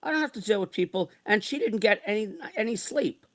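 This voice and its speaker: A man's voice: high voice, expressive, a little fast, fairly bright tone. A man in his sixties ranting angrily and repeating himself, with frequent swearing. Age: 60s. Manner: heated, repetitive, swearing. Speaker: vlogger. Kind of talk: angry personal rant.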